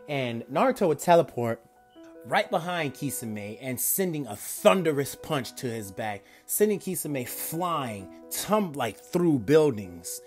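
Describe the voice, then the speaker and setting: A man's voice: mid-range voice, sing-song, unhurried, soft background music. A man casually narrating an improvised fan-fiction story, rambling and correcting himself as he goes.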